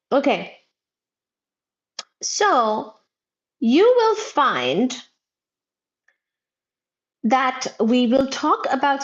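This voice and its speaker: Wearing headphones, a woman with a fairly high-pitched voice hosts a casual physics livestream. She reads out viewer comments in a loud, playful way, at times close to shouting, and the sound is lo-fi.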